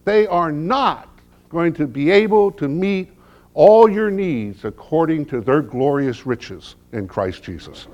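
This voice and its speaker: Middle-aged male pastor preaching; lively, unhurried delivery, humorous storytelling, hushed lows and emphatic peaks. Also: dull audio. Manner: swings from hushed low lines to loud emphatic peaks. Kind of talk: sermon.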